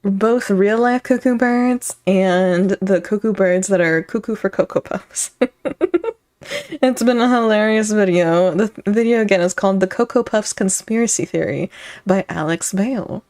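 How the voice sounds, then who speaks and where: A woman's voice: mid-range voice, moderate pace, darkish tone. A woman streamer reacting to a video, playful and giggly, thanking her chat by name. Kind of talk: casual live-stream commentary.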